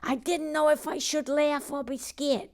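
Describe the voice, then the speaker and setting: A woman's voice: high-pitched, steady tone, a little slow, creaky, pitched above the performer's own voice. A woman putting on a Brooklyn accent to play a chatty woman from Brooklyn telling stories, reading a viewer's comment aloud. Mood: gossipy.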